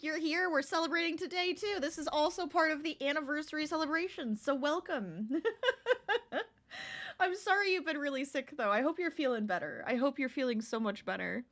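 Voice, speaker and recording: A woman's voice: high-pitched, moderate pace, fairly bright tone. A young adult woman chatting casually with her live-stream viewers while she crochets, laughing often as she talks.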